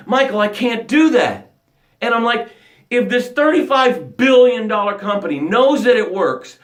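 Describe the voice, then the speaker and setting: A man with a fairly high voice gives a motivational talk, in the manner of a coach. He is emphatic, rising to loud bursts and dropping to hushed lines. The room around him is echoey.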